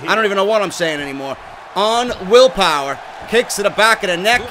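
A man giving excitable, profane wrestling play-by-play over a video game he is playing, often shouting. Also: high voice, fairly quick, background noise. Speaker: gameplay commentator.

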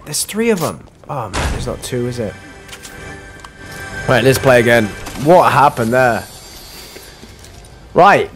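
A man streaming a live shooter game and chatting to viewers, trailing off into low mutters and then breaking into loud frustrated outbursts. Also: sing-song, slow pace, pauses often, soft background music. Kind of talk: casual live game commentary.

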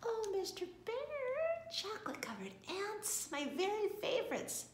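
Brief: a woman reading a cheerful storybook mama bear, higher and lively, in a roomy echo. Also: normal speed, slight background noise. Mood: delighted. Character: fond, bustling female bear, a wife.

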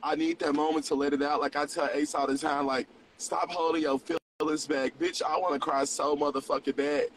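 A man's voice: fairly high pitch, fairly even intonation, brisk. Man in his twenties, livestream host, mock sermon mixed with profane chat, distant mic, faint background noise. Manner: profane, preachy, swings between teasing and confessional.

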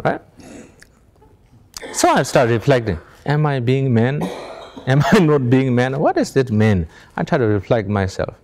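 Lively male meditation teacher. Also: medium pitch, measured pace. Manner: plain non-native English, rhetorical questions, chuckles while telling stories. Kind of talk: informal spiritual teaching to an audience.

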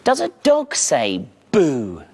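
A man's voice: medium pitch, wildly swooping pitch, takes it slowly, darkish tone, breathy edge. A man presenting a preschool TV show, telling a story playfully and slipping into animal noises. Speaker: children's TV presenter.

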